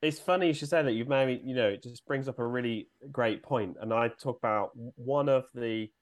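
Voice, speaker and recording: A man's voice: mid-range voice, brisk. Man explaining like a business coach. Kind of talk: casual interview chat.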